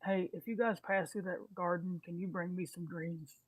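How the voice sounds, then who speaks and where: A man voicing a timid old sailor who stammers and talks in a hushed, nervous way. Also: sits high, steady tone, normal speed, dry recording, rough recording. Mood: sheepish.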